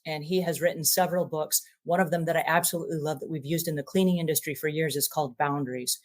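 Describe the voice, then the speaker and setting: A middle-aged woman hosting a talk to camera about trust, earnest, often acting out short quoted exchanges. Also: deep voice. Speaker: host.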